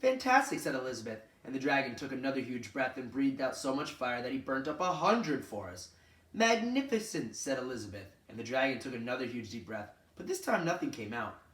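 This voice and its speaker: A man reads a children's picture book aloud at a middle pitch, lively and expressive, turning now and then to his young listeners. The room echoes, and the mic sits well back from him. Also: a little fast, hardly any pauses. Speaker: storyteller reading to children. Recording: roomy echo from a distant mic.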